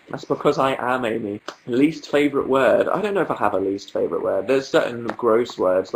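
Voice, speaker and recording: A man's voice: medium pitch, rough recording. Young man chatting dryly on a livestream. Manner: dry, self-mocking, reading out and answering viewer questions. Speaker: livestream host. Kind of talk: casual livestream chat. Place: indoors at home on a sofa.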